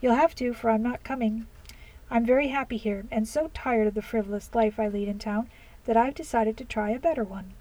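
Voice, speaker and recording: A woman's voice: on the high side, brisk, close to an everyday voice, poor audio. A woman reading aloud, voicing an earnest young woman who speaks sincerely and firmly. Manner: sincere, quietly firm.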